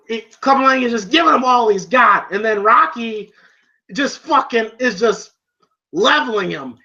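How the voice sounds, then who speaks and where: An excitable man recapping a film for his vlog, swearing freely and leaning on fillers. His voice has a bright, sharp edge. The recording is dull and lo-fi. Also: very high-pitched. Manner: excitable, profane, heavy on fillers. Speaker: film reviewer. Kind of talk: casual film review vlog.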